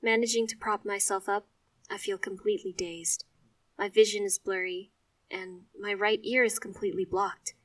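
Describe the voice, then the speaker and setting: A woman tells a story in the first person, leaning on words with expressive emphasis. Her pitch sits mid-range for a woman. The recording is dry, with the mic a little distant. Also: moderate pace, dry recording.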